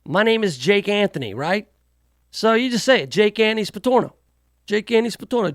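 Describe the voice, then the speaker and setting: A man runs his talk radio monologue in a fairly high voice, rambling and sarcastic, tossing jokey asides into the news. The sound is dry and close, with no room around it. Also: lively intonation, a little fast, no echo. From United States. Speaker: radio talk show host. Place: radio studio.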